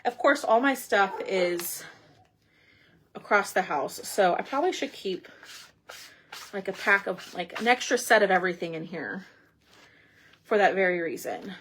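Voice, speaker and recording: A woman's voice: medium pitch, expressive, measured pace, long pauses, fairly bright tone, a little hiss or hum. A woman chatting casually through a craft livestream, gushing and saying y'all a lot, a little out of breath.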